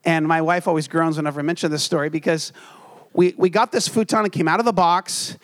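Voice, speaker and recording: A young man with a fairly high voice delivers a sermon to his congregation. He mixes earnest preaching with self-deprecating stories from home life, moving between warm reflection and humour. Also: fairly even intonation, fairly quick. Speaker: pastor.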